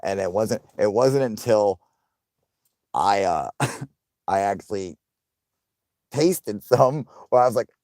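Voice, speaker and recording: A man's voice: on the low side, lively intonation, slow, long pauses, darkish tone, dry recording. A man hosting a live stream, chatting casually with viewers in a profane, rambling way and laughing often.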